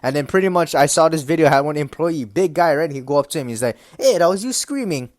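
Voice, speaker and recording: A young man talks to camera in a loose, profane rant, his voice sitting a bit higher than most men's. He keeps checking in with his listeners as he goes. The sound is dry and close, with no room around it. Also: fast, no echo. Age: young adult. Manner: profane, repetitive, keeps asking "right?". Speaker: vlogger.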